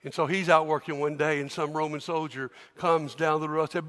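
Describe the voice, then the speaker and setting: A man preaching a sermon as pastor, telling stories with lively acted scenes. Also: fairly high pitch, brisk, hardly any pauses. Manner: animated storytelling, acts out scenes. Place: large church. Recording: long church hall reverb.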